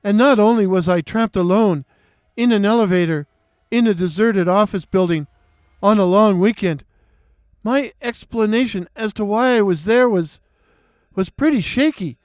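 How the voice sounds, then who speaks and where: A man narrating a first-person horror story in a dramatic, halting way, with nervous restarts. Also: sits high, darkish tone, clean tone, no echo, clean studio sound.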